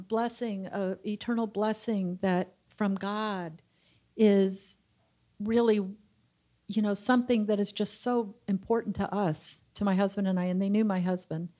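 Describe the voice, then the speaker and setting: A woman's voice: medium pitch, mellow. A middle-aged woman sharing a church testimony, telling a personal story and acting out the people she quotes.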